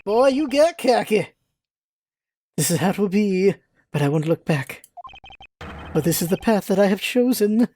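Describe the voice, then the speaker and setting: A woman's voice: medium pitch, animated, moderate pace, pauses often, dark tone, slight background noise, natural voice. A woman reading a smug old ambassador. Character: arrogant elderly male ambassador, ex-soldier. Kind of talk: reading game dialogue aloud.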